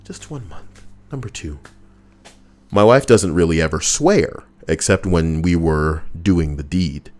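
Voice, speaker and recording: A man's voice: deep voice, animated, unhurried, a little mellow. A man streaming live, reading posts aloud in casual chat, joking, swearing freely and laughing often.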